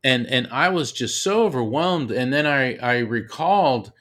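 A man, a medium, telling stories as a guest in an interview, animated and often repeating himself. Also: medium pitch, normal speed. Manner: animated storyteller, repeats words, laughs often. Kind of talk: storytelling in an interview.

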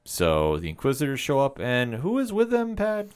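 A man's voice: mid-range voice, huge pitch swings, moderate pace, clean tone. A man co-hosting a casual podcast, steadily summarizing the plot of an episode. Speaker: podcast co-host. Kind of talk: casual chat recapping a TV episode.

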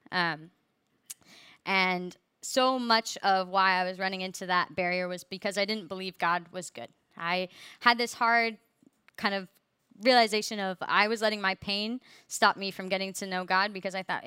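Bright, crisp young woman giving testimony. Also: medium pitch, dry recording, studio quality. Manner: earnest, many fillers, laughs through hard parts. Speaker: speaker sharing a faith testimony. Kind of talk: personal testimony to a group.

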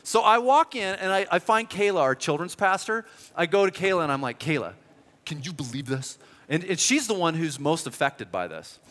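A man's voice: high-pitched, sing-song, brisk, fairly bright tone. A man preaching a sermon in a church hall, telling stories animatedly and acting out quoted voices. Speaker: pastor.

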